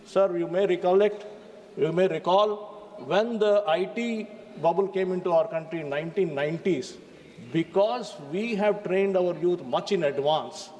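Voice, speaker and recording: A man's voice: high voice, measured pace, darkish tone. A man with an Indian English accent giving a formal parliamentary speech, often addressing the chair as sir. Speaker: member of parliament. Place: parliament chamber. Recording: faint hall reverb, light noise.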